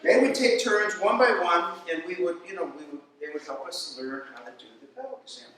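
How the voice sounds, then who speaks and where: A man's voice: high voice, fairly quick. A man performing a stand-up comedy routine, telling stories and acting out the people in them. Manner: storytelling, animated voices for quoted people. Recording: echoey room, mic far off.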